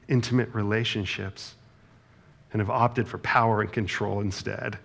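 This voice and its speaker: A man's voice: on the low side, creaky, a bit bright. A middle-aged male pastor preaching a sermon in a conversational, self-deprecating storytelling manner, often checking in with the congregation. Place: church sanctuary.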